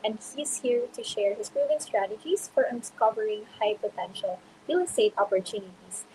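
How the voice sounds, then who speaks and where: A woman's voice: mid-range voice, lively intonation, normal speed, a little mellow, a little hiss or hum, poor audio. A woman hosting a live webinar, giving an upbeat, scripted welcome with a few fillers. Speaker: host. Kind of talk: webinar host introduction.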